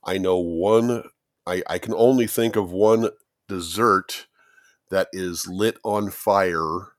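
A man competing in a trivia game who thinks out loud as he works toward his answer. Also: low voice, dry recording, studio quality. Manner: thinks aloud, musing over his answer. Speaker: trivia contestant.

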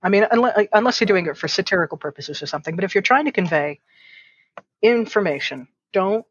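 A woman chatting as an interview guest, wry and animated, often restarting her phrases. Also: mid-range voice, a little fast, breathy edge, no room sound, lo-fi sound. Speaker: guest, fencing instructor and writer. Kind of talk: casual interview chat.

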